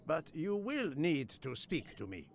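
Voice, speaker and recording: Hercule Poirot, a courteous detective. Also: male voice, fairly high pitch, wildly swooping pitch, unhurried, dull audio, heavily acted. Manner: formal, courteous questioning. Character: Hercule Poirot, polite fussy middle-aged male detective.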